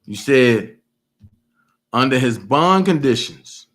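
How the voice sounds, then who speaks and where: A man's voice: medium pitch, expressive, slow pace, a bit bright. A man hosting a livestream who reads court documents aloud and breaks off into profane, mocking commentary.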